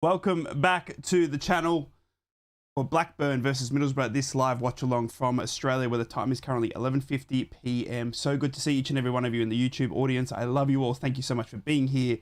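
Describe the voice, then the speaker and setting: A young man hosting a live football watchalong stream from home, hoarse from a chest infection and thanking viewers over and over. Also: mid-range voice, fairly even intonation, brisk. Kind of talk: excited live-stream chat. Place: home streaming setup in Australia.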